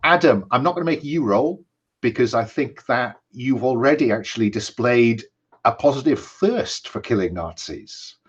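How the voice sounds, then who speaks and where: Male game master, husky, steady and hesitant narration, dull lo-fi recording. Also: mid-range voice. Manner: measured, frequent ums and restarts.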